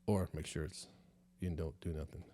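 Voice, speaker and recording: A man's voice: a bass voice, fairly even intonation, normal speed, dark tone. A man hosting a comedy podcast, rambling through the news with lots of fillers and swearing. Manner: rambling and profane, many fillers. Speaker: podcast host. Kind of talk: casual comedy podcast monologue.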